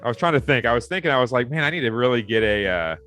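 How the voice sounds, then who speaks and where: A man with a lively, swooping voice trades teasing banter as a podcast co-host, quick to laugh. Faint music plays underneath. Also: medium pitch. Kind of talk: casual sports chat.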